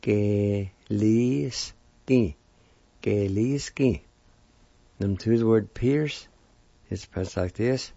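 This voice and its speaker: A man's voice: lowish voice, dark tone, dry recording. A man giving a weekly language lesson, carefully sounding out each word syllable by syllable and repeating it for learners. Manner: slow, deliberate, sounds words out syllable by syllable and repeats them. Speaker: language teacher. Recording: dull lo-fi recording.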